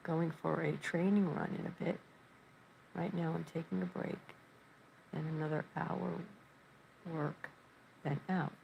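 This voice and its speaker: Livestream host, woman, low gravelly voice, rambling chatty storyteller in her living room. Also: fairly even intonation, measured pace, pauses often, muffled recording, a little hiss or hum. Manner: reads chat messages aloud. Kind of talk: casual livestream chat.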